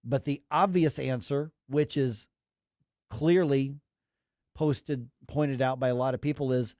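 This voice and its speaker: A man's voice: mid-range voice, fairly even intonation, unhurried, darkish tone, no echo, clean studio sound. A man hosting a talk radio show, giving emphatic, rambling opinions with acted quotes.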